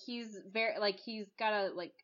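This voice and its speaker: A woman's voice: mid-range voice, steady tone, moderate pace, fairly bright tone, highs cut off. A woman co-hosting a podcast in casual chat, rambling with lots of "like" fillers. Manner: rambling, heavy use of "like" fillers. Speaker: podcast co-host.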